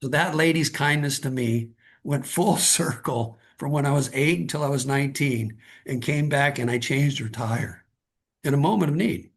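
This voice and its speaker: This middle-aged man, a guest author, talks at a normal speed with a medium-pitched, slightly rough voice. He earnestly shares a personal story in conversation, often repeating words as he begins a thought.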